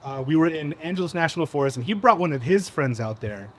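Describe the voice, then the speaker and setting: A man's voice: on the high side, lively intonation, fast talker. Slangy man telling a story. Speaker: panel guest. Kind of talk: live panel storytelling. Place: live event at a cafe.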